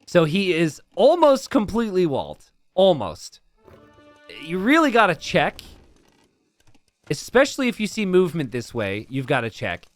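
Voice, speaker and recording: A man casting a strategy game match, excitable and breaking into shouts and laughter. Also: high voice, normal speed, faint music behind. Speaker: game caster.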